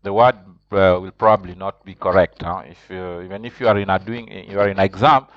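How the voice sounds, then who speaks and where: A man teaching a beginner language lesson, hesitant with many fillers and restarts, repeating words slowly and carefully. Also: deep voice, steady tone, no room sound, muffled recording. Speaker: French teacher.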